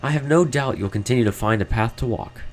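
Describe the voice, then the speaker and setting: A man's voice: medium pitch, quick pace, darkish tone, soft background music, lightly acted. A man reading as an earnest, apologetic clansman. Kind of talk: reading game dialogue aloud in character.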